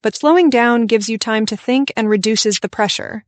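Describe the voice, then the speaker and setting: A woman co-hosting a scripted English-learning podcast, explaining tips in a clear, encouraging way. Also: fairly high pitch, moderate pace, no echo. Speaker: podcast co-host.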